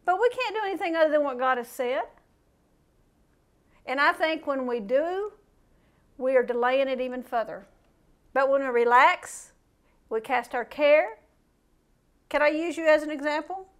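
A woman preaching an informal sermon, talking to her congregation in a relaxed, conversational way with playful asides. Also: high voice, moderate pace, long pauses. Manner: conversational, animated, playful asides and mimicked voices.

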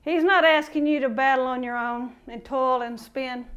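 A woman giving an informal recorded sermon, impassioned and building from quiet reflection to fervent exhortation. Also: high voice, normal speed, smooth. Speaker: preacher.

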